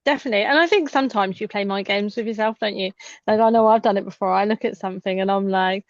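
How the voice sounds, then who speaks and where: A woman's voice: mid-range voice, fast talker, no room sound. A woman co-hosting a podcast, explaining in an easy conversational way full of filler "like"s. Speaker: podcast co-host. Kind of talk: casual podcast chat. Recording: dry, muffled sound.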